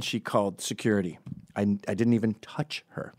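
A man's voice: fairly low pitch, steady tone, brisk, no echo, clean studio sound. A middle-aged man hosting a comedic opinion monologue, sardonic and profane, often mocking people in put-on voices. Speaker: commentary show host.

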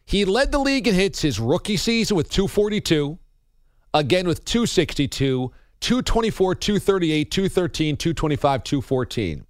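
A man's voice: high voice, very animated, moderate pace, no echo, clean studio sound. A man hosting a sports talk show, joking around and rattling off baseball stats in a casual, wry way.

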